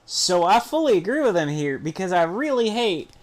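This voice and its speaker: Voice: mid-range voice, big pitch swings, normal speed. A streamer from Pennsylvania giving blunt, earnest reaction commentary on a live stream.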